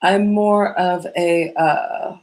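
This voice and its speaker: A woman's voice: fairly low pitch, fairly even intonation, very slow, a little mellow. A woman from the American Midwest chatting casually as a podcast host, rambling, swearing freely and often losing her train of thought. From Midwestern United States. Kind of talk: casual chat.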